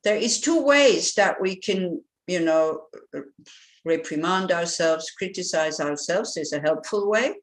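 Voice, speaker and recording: Lowish woman's voice, Buddhist nun teaching, easygoing and chatty. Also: measured pace. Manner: relaxed, conversational, digressive with anecdotes and fillers. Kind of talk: informal dharma teaching.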